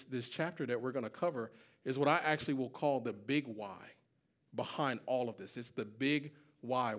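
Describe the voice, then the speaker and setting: A man in his thirties preaching a sermon as pastor, emphatic and conversational as he tells stories. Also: medium pitch. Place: church.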